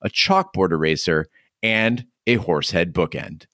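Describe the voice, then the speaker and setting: A man's voice: deep voice, a little slow, fairly bright tone, no echo, studio quality. A man co-hosting a casual movie-review podcast, giving wry, critical commentary. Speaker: podcast co-host.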